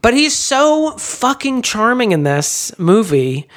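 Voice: medium pitch, very animated, takes it slowly. A podcast co-host in a casual movie discussion, talking in a chatty, digressive way.

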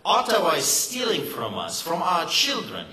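This rally speaker, a man, pushes his political message with fervor, stressing points and mocking with sarcasm. His somewhat high, bright voice carries real force and swings hugely in pitch at a normal pace. It echoes off the walls of a roomy event hall.

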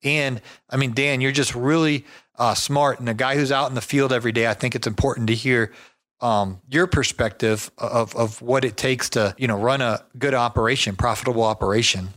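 A man's voice: medium pitch, steady tone, fairly quick, a bit bright. A man hosting a podcast, chatting enthusiastically with a guest and reading plugs and promos. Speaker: podcast host. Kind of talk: casual podcast interview. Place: Georgia.

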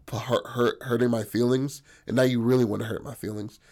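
A man's voice: mid-range voice, flat delivery, a little fast, a little mellow, lightly acted. Shy carnival woman, embarrassed, hesitant, voiced by a male storyteller. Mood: hurt.

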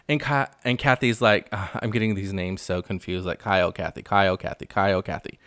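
A man's voice: fairly low pitch, steady tone, a little fast, few pauses, a bit bright, smooth, dry recording. Man, podcast host, gossipy recap, sassy and blunt, dry close sound. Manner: chatty, frequent "like", blunt and sassy asides.

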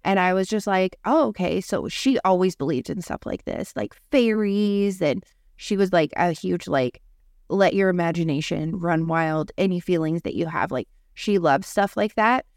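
A woman's voice: on the low side, moderate pace, darkish tone, no room sound, clean studio sound. A woman hosting a podcast, telling a personal story in a casual, chatty way, full of "like". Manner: chatty, heavy use of "like". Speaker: podcast host.

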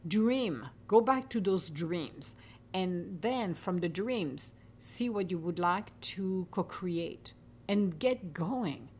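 Woman from europe doing a chatty podcast pep talk, laughs a lot, goes slow and calm on the affirmations. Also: lowish voice, slight background noise. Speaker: podcast host. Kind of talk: casual motivational monologue.

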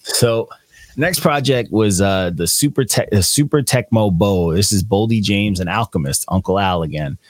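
Deep-voiced young man, slangy and laid-back. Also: moderate pace, no echo, studio quality. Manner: laid-back, slangy, profane, rambling with fillers. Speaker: podcast co-host reviewing albums. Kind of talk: casual chat.

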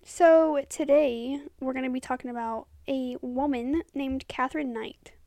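High-voiced woman talking fast. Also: gravelly, no echo. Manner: talks fast and excitedly. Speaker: podcast co-host. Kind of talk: casual podcast chat.

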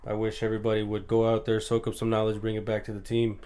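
A man who owns a martial arts gym, a guest on a casual podcast, talking in a quiet, laid-back way with brief replies. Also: on the low side, monotone, fast talker, clean tone.

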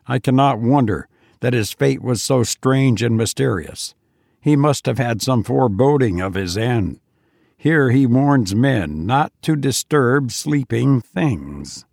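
A man's voice: mid-range voice, lively intonation, takes it slowly, vocal fry, darkish tone, no room sound, clean studio sound, full character voice. A man voicing an obsessed, half-mad male explorer who talks harshly and broods over a cursed jewel. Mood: brooding.

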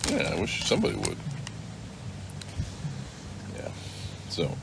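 A middle-aged man with a low, gravelly voice chats loosely on a live stream, cracking jokes and calling out viewers by name. His delivery swings up and down with lots of energy. Loud background noise sits under his phone recording. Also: wildly swooping pitch, slow pace. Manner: joking, rambling, greets viewers by name. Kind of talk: casual live-stream chat.

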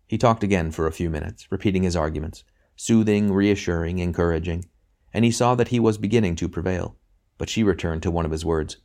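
A man narrating a novel as an audiobook in a measured, even reading. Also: sits low. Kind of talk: scripted narration.

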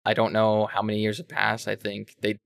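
A man co-hosting a casual talk show, retelling a story in a rambling, animated way with self-corrections and swearing. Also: lowish voice, brisk, creaky, no echo, clean studio sound. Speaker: podcast co-host explaining a game. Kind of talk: casual chat.

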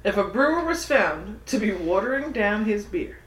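A woman's voice: medium pitch, big pitch swings, normal speed. A woman co-hosting a podcast, chatting casually, laughing and sharing fun facts. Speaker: podcast co-host. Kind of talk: casual chat. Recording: echoey room, mic at a distance.

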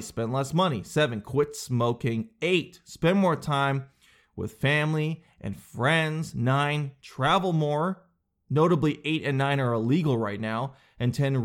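A man delivering a comedic monologue, sarcastic, breaking into high silly voices to mock people. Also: measured pace.

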